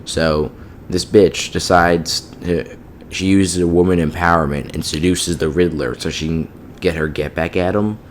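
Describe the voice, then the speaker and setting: Deep-voiced man ranting casually. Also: steady tone, unhurried, a little hiss or hum. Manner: profane and exasperated, heavy use of "like" and "you know what I mean". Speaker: TV show reviewer.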